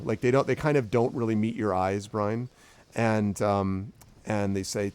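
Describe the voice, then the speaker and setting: A man's voice: on the low side, steady tone, unhurried, a little mellow, clear, resonant tone. A man narrating as dungeon master for a tabletop game, enthusiastic and rambling.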